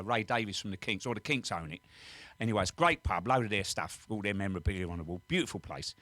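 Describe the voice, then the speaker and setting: A man's voice: on the low side, fairly bright tone, no room sound. An English man telling rambling, cheeky pub stories and jokes, full of "right?" and "he said". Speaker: guest storyteller.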